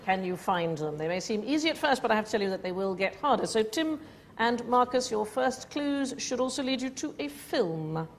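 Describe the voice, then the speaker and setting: A woman's voice: a little high, animated, normal speed. A woman hosting a TV quiz show, reading clues and slipping in dry jokes. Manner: dry, wry humour. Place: TV studio with audience. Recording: noisy studio with audience laughter.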